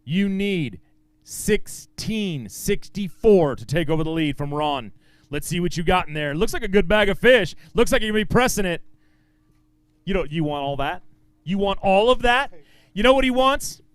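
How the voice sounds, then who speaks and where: An upbeat man running a live tournament weigh-in, his voice sitting high for a man and coming through smooth and resonant. He calls out each weight and name with a booming lift, then drops into easy banter. The sound is dry and close on a handheld mic. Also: lively intonation, moderate pace, dry recording. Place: outdoor fishing tournament weigh-in stage.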